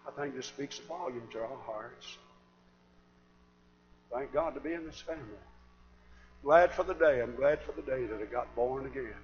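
A man preaching a sermon, swinging from shouted fiery passages to quiet, earnest talk. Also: medium pitch, lo-fi sound.

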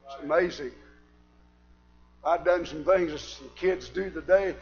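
A man preaching a sermon, swinging from shouted fiery passages to quiet, earnest talk. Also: fairly high pitch, unhurried, lo-fi sound.

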